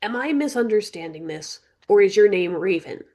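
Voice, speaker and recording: A woman's voice: medium pitch, lively intonation, moderate pace, a little mellow. A woman voicing an inquisitive talking starling that asks puzzled questions in a raised voice.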